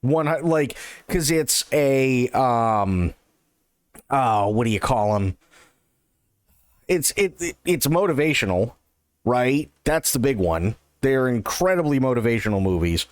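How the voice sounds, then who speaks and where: A man hosting a livestream, chatting casually in a rambling, animated way, full of fillers and swearing, hyped up on caffeine. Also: mid-range voice, a little slow, dry recording. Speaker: livestream host. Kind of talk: casual streaming chat.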